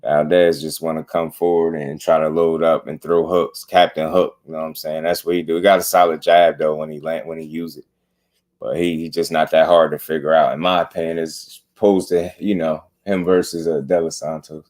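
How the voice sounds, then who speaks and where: Man, very low voice, casual, slangy, rambling, reaction host. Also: little pitch movement, a little fast, a little mellow. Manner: slangy, rambling, repeats "you know what I'm saying". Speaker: boxing commentary channel host.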